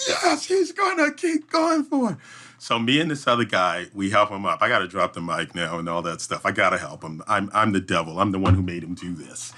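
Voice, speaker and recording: A man who works as an event emcee, guesting on a podcast and telling an animated story with frequent restarts and hummed sound effects. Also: sits low.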